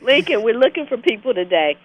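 A woman calls in to a radio show and chats in a giggly, expressive way. Her high voice swoops around, and she talks slowly. Clear noise hangs under the line. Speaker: crime stoppers guest. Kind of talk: casual radio call-in chat. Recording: noisy remote line.

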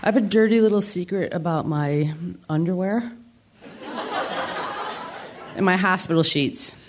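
A woman's voice: on the low side, a little slow, crowd noise, noisy background. A woman in her sixties from the Adirondacks of New York, telling a comic, self-deprecating story live on a theater stage. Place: theater stage before an audience.

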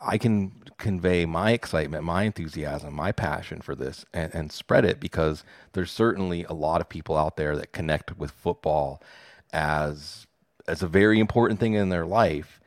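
A man's voice: deep voice, moderate pace, dry recording, clean studio sound. A man in his forties from Pittsburgh, a fantasy football podcaster telling stories in a casual interview, enthusiastic and self-deprecating.

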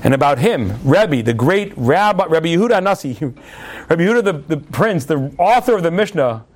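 Guy preaching w a high voice, animated storyteller, does all the voices. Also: moderate pace. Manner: animated, acts out the voices of the figures in his story. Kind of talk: sermon storytelling.

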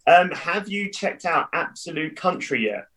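A man with a southern English accent, a cheer coach guesting on a podcast, talking in a playful, lively way. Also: fairly high pitch, unhurried, poor audio. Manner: playful, lively, self-deprecating. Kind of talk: casual podcast chat.

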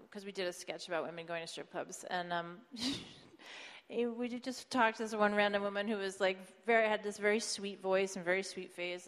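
A woman's voice: medium pitch, a bit bright, smooth, long reverb tail. A woman chatting casually on a comedy panel, full of likes and ums and laughing often. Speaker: comedy show co-creator on a panel.

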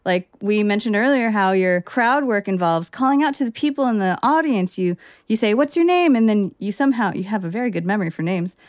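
A woman hosting an interview, asking measured, thoughtful questions. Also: mid-range voice, animated, dry recording, clean studio sound. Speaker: host. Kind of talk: interview conversation.

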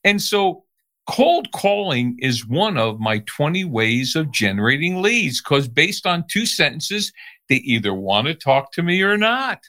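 A lively male sales trainer tells a story in an interview, his voice bright and full of pitch swings. His delivery is emphatic, and his voice sits a little high for a man. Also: a little slow.

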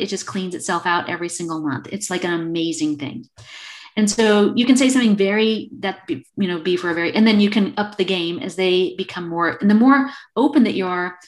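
Earnest middle-aged woman, podcast guest. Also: medium pitch. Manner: earnest, acts out little quoted exchanges. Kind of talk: casual interview talk.

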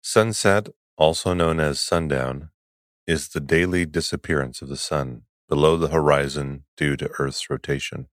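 Deep, slow soothing male sleep-podcast voice. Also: no room sound, clean studio sound. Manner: soft, slow and calm, drifting lower and quieter. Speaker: podcast host.

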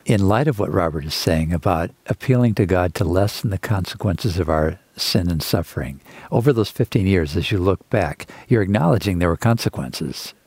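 A man co-hosting a podcast, measured and probing, steering the talk with follow-up questions. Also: deep voice, lively intonation, a little mellow, slightly rough, no room sound. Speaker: co-host. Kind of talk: conversational podcast discussion. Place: quiet studio around a table.

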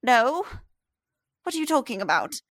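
A woman's voice: on the high side, very animated, moderate pace, pitched above the performer's own voice. A woman voicing a chatty, motherly old woman, a fisherman's wife who fusses over a guest. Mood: fussing.

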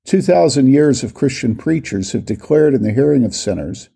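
A man reading aloud a critique of a theology book, slowly reading out long quotations and marking each quote. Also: mid-range voice, expressive, creaky, dark tone, breathy edge. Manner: reads quotations slowly and deliberately, voicing each quote mark.

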